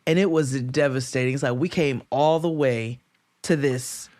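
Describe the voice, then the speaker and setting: A man co-hosting a podcast, telling a long story in casual chat, acting out quotes in high voices and laughing often. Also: normal speed, a little mellow, a little hiss or hum. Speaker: podcast co-host.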